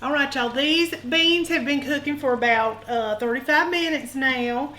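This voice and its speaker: A woman chats through a recipe in her home kitchen, folksy and teasing as she goes. Her voice sits a little higher than most, and a faint sizzle of the pan runs underneath. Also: a little slow, pushed and bright, a little hiss or hum, poor audio. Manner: folksy and joking, calls viewers honey and y'all. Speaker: cooking show host. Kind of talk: casual cooking demonstration.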